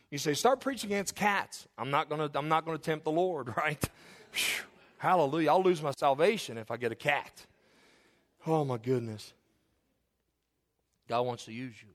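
A pastor delivers a sermon in a high voice with a bright edge, lively and conversational. He shifts between loud, emphatic declarations and quiet, intimate asides.

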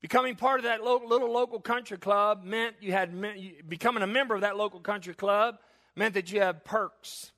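A male pastor giving a sermon in church, reading scripture slowly and emphatically, then praying in a hushed voice. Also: high voice.

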